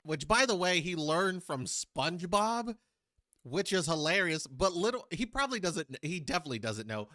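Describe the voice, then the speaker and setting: Bright, chatty man. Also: sits high, big pitch swings, moderate pace. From Texas. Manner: chatty, rambling, searches for words. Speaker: YouTube reaction host. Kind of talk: casual reaction commentary.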